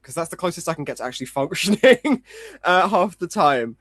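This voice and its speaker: A man's voice: on the high side, big pitch swings, brisk, a bit bright, no echo. A man appearing as a guest illustrator on a podcast, speaking casually with self-deprecating, rambling humour and jokey asides.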